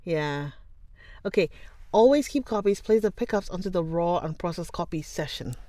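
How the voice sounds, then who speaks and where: On her livestream, a young woman whose native language is Twi talks casually with the audience, laughing frequently and welcoming viewers by name. She speaks at a normal speed in a lowish, mellow, expressive voice, with no echo.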